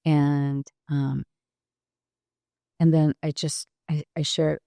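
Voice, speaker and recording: A woman in her sixties, a podcast guest, telling a personal story in a halting, reflective way with pauses and restarts. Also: low-pitched, little pitch movement, mellow, no room sound, clean studio sound.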